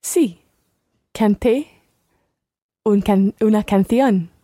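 A woman's voice: medium pitch, takes it slowly, warm tone, dry recording, studio quality. A woman learning Spanish, repeating phrases after her teacher. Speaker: language student.

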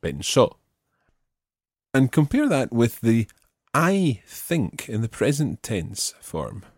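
A man's voice: mid-range voice, sing-song, slow, slightly rough, no room sound, clean studio sound. A man teaching a Spanish lesson, patiently explaining step by step and prompting his student. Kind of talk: spoken language lesson.

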